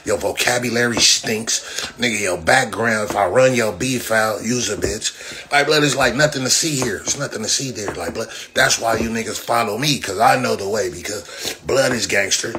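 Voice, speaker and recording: A man's voice: lowish voice, bright, forceful tone. A man, talking brashly on his own livestream and mocking the viewers in his comments with profane trash talk. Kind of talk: livestream rant. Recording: noisy phone livestream audio.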